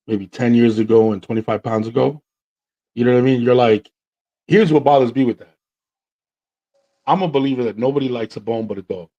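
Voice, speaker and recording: Male podcast host, casual slangy storyteller, mid pitch, slightly dull lo-fi sound. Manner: animated, slangy, acts out quotes.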